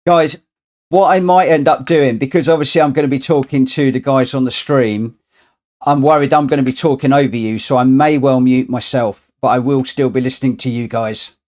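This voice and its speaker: Brief: man, game streamer, casual rambling chat, mid pitch. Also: fairly even intonation, moderate pace, darkish tone. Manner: chatty, rambling, thinks aloud while adjusting settings. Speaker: streamer hosting a racing lobby. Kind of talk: casual live-stream chat while gaming.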